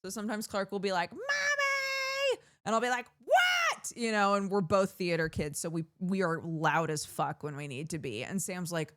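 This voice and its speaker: A woman streamer chatting casually to her viewers, telling stories animatedly with yelled bits and bursts of laughter. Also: lowish voice, fairly quick, hardly any pauses. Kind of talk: casual chat.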